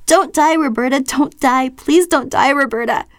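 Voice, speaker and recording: Frightened teenage girl, shrill, loud, pleading, put on by a woman reader. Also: normal speed, no echo, studio quality, close to an everyday voice. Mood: panicked.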